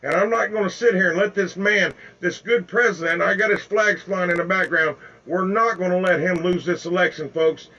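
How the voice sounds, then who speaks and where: A man's voice: high-pitched, steady tone, moderate pace, few pauses, sharp tone, highs cut off. An older man with four grandsons, ranting at his viewers in an angry, repetitive, folksy way and calling them folks. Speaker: political video blogger. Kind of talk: impassioned direct-to-camera rant. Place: home with flags in the background.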